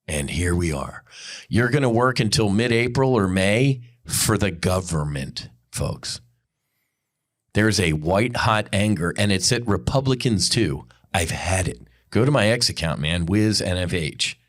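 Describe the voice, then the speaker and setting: Blunt, low-voiced man ranting. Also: expressive, measured pace, fairly bright tone. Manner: angry, profane, blunt. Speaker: podcast host. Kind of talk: unscripted ranting monologue.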